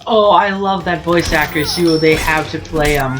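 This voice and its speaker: Chatty low-voiced woman commenting on gameplay. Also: normal speed. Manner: chatty, opinionated, many fillers. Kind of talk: casual let's-play commentary. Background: game music.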